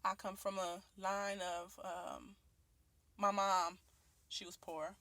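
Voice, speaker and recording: Speaking slowly in a steady, medium-pitched, slightly bright voice, this late-twenties vlogger from Detroit, Michigan, USA talks earnestly and candidly to her phone camera, often saying um and starting over. The recording is dry, and her personal monologue moves between her home and her neighborhood.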